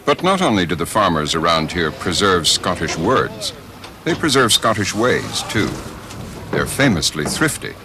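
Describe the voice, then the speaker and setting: A man reading scripted documentary narration in a measured, expressive way. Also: deep voice, noisy background.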